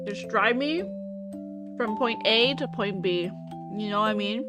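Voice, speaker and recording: A woman's voice: medium pitch, a little slow, over music. A woman streamer in casual chat with her viewers, talking while she eats. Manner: chatty, talks while eating.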